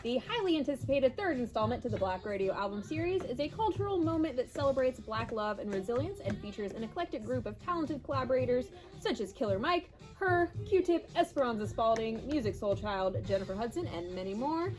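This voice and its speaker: A young woman from Ohio with a high, bright voice reads new-release blurbs in an upbeat, easygoing way. Faint music sits underneath her. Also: animated, brisk, hardly any pauses. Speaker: record store co-host. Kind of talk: casual new-release rundown.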